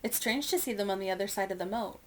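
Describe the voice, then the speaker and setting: A woman reading a children's novel aloud with clear, expressive storytelling. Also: mid-range voice, fast. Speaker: reader.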